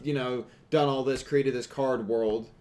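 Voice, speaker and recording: A man's voice: mid-range voice, steady tone, measured pace, darkish tone, slight background noise. A man cohosting a podcast, musing in a hesitant, laid-back way with frequent fillers. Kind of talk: casual podcast discussion.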